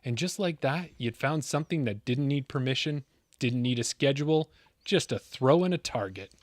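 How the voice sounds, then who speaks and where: A man hosting a podcast, telling a dramatic scripted story with big pauses, then chatting casually with his guest. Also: medium pitch, lively intonation, no room sound. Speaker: podcast host.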